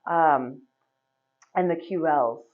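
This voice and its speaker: A woman teaching a yoga class, giving relaxed, chatty instructions and laughing often. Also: low voice, slow pace. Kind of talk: guiding a live yoga class. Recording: slightly dull, lo-fi recording.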